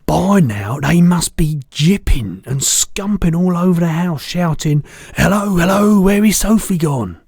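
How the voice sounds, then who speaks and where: A man voicing a huge, kindly, soft-hearted old male giant in a storybook reading, speaking slowly and loudly in mangled grammar. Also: on the high side, lively intonation, vocal fry, breathy edge, no room sound, studio quality, pitched above the performer's own voice, full character voice. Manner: mangled grammar, slow and loud.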